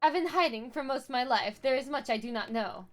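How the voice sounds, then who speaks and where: A woman's voice: high-pitched, a little fast, a bit bright, soft background music. A woman voicing a sheltered young dragon girl who is skittish yet proud. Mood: frightened. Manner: skittish, flustered.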